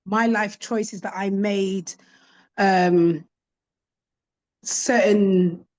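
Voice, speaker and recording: A middle-aged woman, a podcast guest, telling candid personal stories in an animated way and acting out what her children said. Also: medium pitch. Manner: animated, acts out quoted voices of her children. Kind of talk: candid conversational storytelling.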